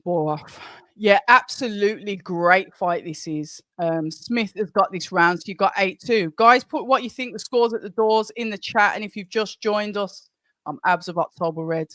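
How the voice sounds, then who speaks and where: This man has a high voice, recorded cleanly in a studio with no room sound. He hosts a live watch-along of a boxing match, excitably calling the punches quickly round by round and chatting with viewers between rounds.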